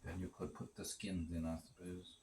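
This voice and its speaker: A cooking vlogger with a deep, somewhat dark voice chats casually at a moderate pace and a level tone while cooking in a rental kitchen with a gas stove, rambling and tossing in wry asides. A pot boils on the stove, and the distant mic picks up a roomy, noisy sound.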